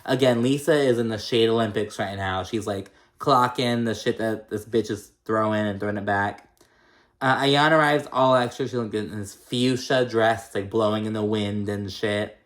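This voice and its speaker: A man's voice: lowish voice, moderate pace. Chatty, profane man recapping reality TV. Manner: chatty, profane, shady, full of fillers. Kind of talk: casual episode recap.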